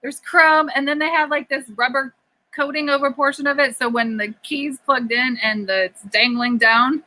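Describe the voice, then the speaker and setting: A woman's voice: high voice, steady tone, normal speed, bright, forceful tone, poor audio. A woman co-hosting a casual live stream from a garage, rambling and laughing often as she talks about motorcycles. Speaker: co-host. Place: home garage.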